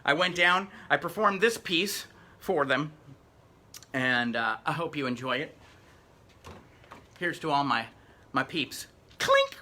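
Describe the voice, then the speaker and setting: A man's voice: on the high side, slow, long pauses, sharp tone. A middle-aged man, a rapper chatting upbeat between songs during a live-streamed performance. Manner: chatty, upbeat stage patter.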